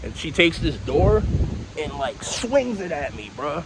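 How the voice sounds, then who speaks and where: A man's voice: fairly high pitch, big pitch swings, measured pace. Candid young man, noisy street behind. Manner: candid, rambling, profane. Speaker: storyteller. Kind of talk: casual storytime vlog.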